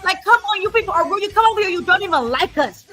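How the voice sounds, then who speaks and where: High, bright-voiced woman ranting on stream. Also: animated, fast talker. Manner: profane, blunt, repetitive. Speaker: livestream host. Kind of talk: heated livestream rant.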